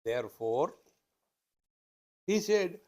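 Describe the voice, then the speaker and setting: A man's voice: fairly high pitch, sing-song, extremely slow, warm tone. A man gives a spiritual discourse to an audience. He tells stories in a blunt, emphatic way and keeps calling his listeners friends. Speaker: spiritual teacher.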